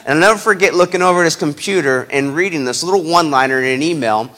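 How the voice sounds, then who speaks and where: A man recounts a personal story in the style of a motivational speaker. His voice sits a little high and has a bright, forceful edge. He tells it in an animated, dramatic way that keeps building the tension. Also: rapid-fire, few pauses.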